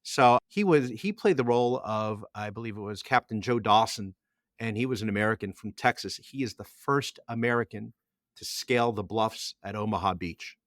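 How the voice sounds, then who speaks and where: With a lowish, slightly bright voice at normal speed, a middle-aged man rambles through a lengthy story while co-hosting a laid-back podcast. He keeps restarting and repeating words. The studio sound is clean and dry.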